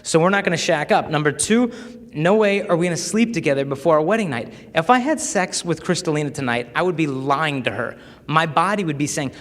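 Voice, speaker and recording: A young man with a fairly high voice speaks to a live audience, telling funny stories with energy and slipping into the voices of the people in them. His words ring out with a long echo through a large hall. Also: fast talker. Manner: animated storytelling, acts out quoted voices. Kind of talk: humorous motivational talk. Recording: echoey hall.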